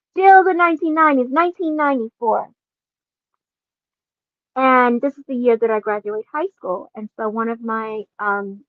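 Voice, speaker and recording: A woman in her forties, a podcast host, casually telling a personal story with lots of laughing and animated asides. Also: on the high side, dry recording, muffled recording.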